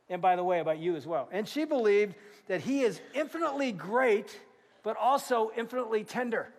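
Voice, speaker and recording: A middle-aged man preaches in a large church, his voice sitting high for a man and carrying a long reverb through the hall. He tells stories with energy, acting out the lines of the people in them. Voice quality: animated storyteller, acts out quotes. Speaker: pastor. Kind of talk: sermon.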